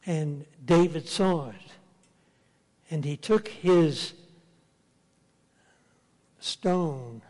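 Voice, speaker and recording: Brief: storytelling preacher, slow and fairly high-voiced, reverberant hall. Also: male voice, mellow. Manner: folksy storytelling, acts out the characters. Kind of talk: sermon.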